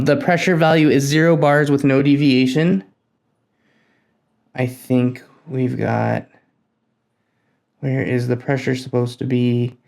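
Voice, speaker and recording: A man at a middle pitch talks casually while testing electronics on his bench. He mutters to himself, nervous and easily excited. His tone stays chatty and hands-on. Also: gravelly. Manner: nervous, excitable, self-talking while working. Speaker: tech hobbyist host. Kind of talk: casual hands-on build vlog.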